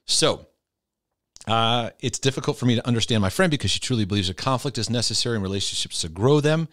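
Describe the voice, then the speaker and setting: Fast and expressive, a mid-range male voice hosts a casual, faith-based advice talk, taking viewer questions in a conversational, emphatic style that turns loud before going soft. The recording is dry and clean, studio-grade.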